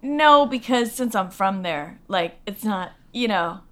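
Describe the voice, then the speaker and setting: A middle-aged actress from Massachusetts, chatting as an interview guest, self-deprecating and full of fillers. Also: female voice, mid-range voice, animated, a little slow, fairly bright tone. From Lexington, Massachusetts. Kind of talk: casual interview chat.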